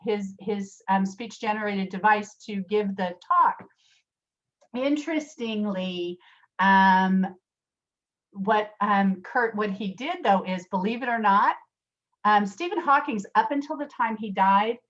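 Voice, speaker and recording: Special education teacher leading an online workshop; conversational, rambling storyteller, medium pitch, muffled call audio. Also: female voice, slow. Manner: chatty, many fillers and restarts, addresses attendees by name. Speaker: workshop presenter. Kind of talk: virtual workshop talk with storytelling. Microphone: video call.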